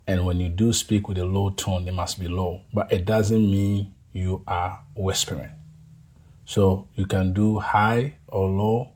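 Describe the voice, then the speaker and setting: A man teaching a language lesson, drilling tones slowly and deliberately, leaving pauses for the listener to repeat after him. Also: deep voice, little pitch movement, darkish tone, a little hiss or hum. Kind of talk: scripted pronunciation lesson.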